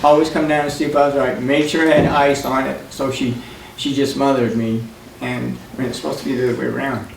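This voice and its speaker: Another man speaking at the memorial also spins rambling, folksy anecdotes and laughs frequently, but his mid-range voice is flat, fast, and fry-laden, with few pauses. The room sound is the same: a far-off mic in an echoey, noisy hall.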